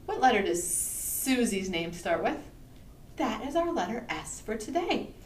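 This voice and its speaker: A woman's voice: fairly high pitch, big pitch swings, unhurried, a little hiss or hum. A woman librarian reading a picture book aloud for toddlers, sing-song and coaxing the children to join in. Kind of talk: toddler storytime read-aloud. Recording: roomy, distant mic, faint ambience.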